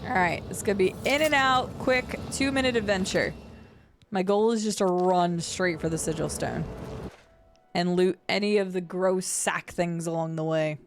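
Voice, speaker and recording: A woman's voice: on the low side, normal speed, noisy background. A woman streamer giving casual, playful commentary while she plays a video game, chatting to viewers and humming sing-song filler noises. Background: game music.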